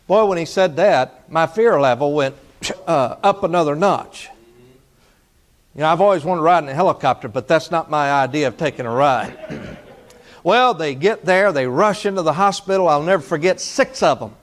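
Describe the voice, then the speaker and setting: A man preaching, telling a personal story with feeling, rising loud and falling hushed. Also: fairly high pitch, a little fast. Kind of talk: sermon testimony.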